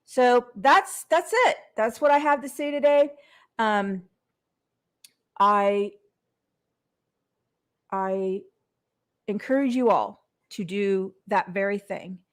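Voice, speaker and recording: A woman's voice: medium pitch, slow, pauses often. A woman hosting a motivational podcast, talking earnestly in an unscripted monologue, often repeating words and restarting. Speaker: podcast host and coach.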